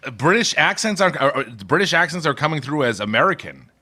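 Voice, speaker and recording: A man co-hosting a comedy podcast, with a bright voice that swings widely in pitch. He jokes and needles his partner, hesitating often before landing the bit. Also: very animated, quick pace. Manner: jokey, bantering, lots of hesitation. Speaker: co-host. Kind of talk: casual comedic chat.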